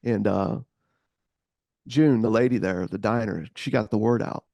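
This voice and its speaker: A man co-hosting a podcast, telling a story in a casual, animated way. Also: fairly low pitch, a little slow, vocal fry, no room sound. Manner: animated, acts out voices. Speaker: podcast co-host.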